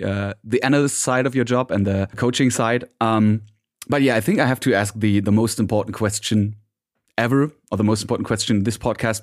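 A man's voice: fairly low pitch, dry recording, clean studio sound. A man hosting a gaming podcast, upbeat and chatty, often repeating words as he talks. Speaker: podcast host.

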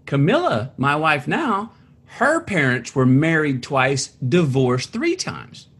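A man guest telling stories about his family in a halting, searching way, often starting over, then jumping into lively quoted voices. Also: fairly high pitch, slightly rough. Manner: halting, many restarts, animated quoting of family. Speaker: interview guest, author. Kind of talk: conversational storytelling.

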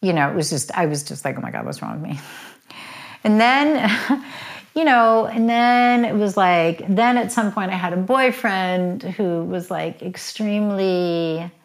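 A middle-aged woman telling her life story as an interview guest, chatty and quick, with lots of "like" fillers. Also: medium pitch. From United States. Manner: chatty, fast, full of "like" fillers. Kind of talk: candid personal storytelling.

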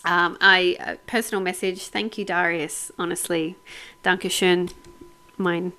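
A woman's voice: lowish voice, steady tone, normal speed, sharp tone. A woman co-hosting a casual podcast, chatting and laughing often, sounding grateful as she thanks listeners. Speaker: podcast co-host.

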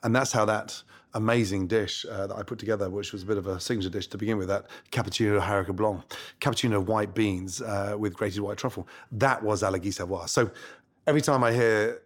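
Middle-aged man, Scottish accent, low voice, brash, swears, animated storyteller. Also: a little fast. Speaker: chef, guest. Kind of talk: casual interview.

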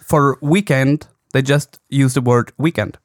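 A man's voice: mid-range voice, steady tone, measured pace, no echo, clean studio sound. A man co-hosting a podcast in English, with a hesitant, filler-heavy way of talking. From Germany. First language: German. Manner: hesitant, searching for words with many fillers. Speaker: podcast co-host. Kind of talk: casual chat.

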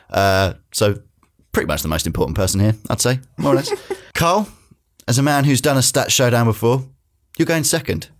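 A man's voice: mid-range voice, expressive, moderate pace. A man hosting a podcast, introducing segments in a wry, playful way. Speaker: podcast host.

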